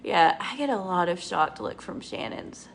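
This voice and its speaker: A woman's voice: fairly low pitch, sing-song, moderate pace, gravelly. A middle-aged woman, chatting and rambling through a casual makeup tutorial and talking to her viewers by name. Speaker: makeup vlogger.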